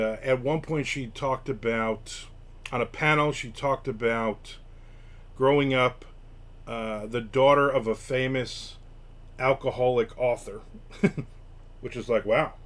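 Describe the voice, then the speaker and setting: A man's voice: mid-range voice, a bit bright. A man, an author talking to his audience in a casual, rambling storytelling monologue, full of fillers and restarts. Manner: rambling, chatty, lots of fillers and restarts, quotes people in livelier voices. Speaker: author and vlogger.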